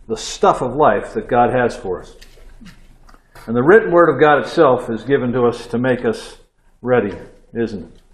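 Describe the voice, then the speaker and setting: A man in his sixties preaching a sermon in a church with folksy storytelling and conversational asides. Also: mid-range voice. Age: 60s. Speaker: pastor. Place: church hall. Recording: echoey room.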